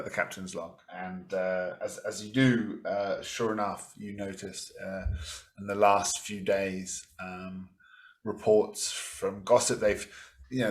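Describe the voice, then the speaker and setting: A man's voice: low-pitched, a bit bright. A Canadian man running a tabletop game as game master, rambling with lots of fillers and restarts.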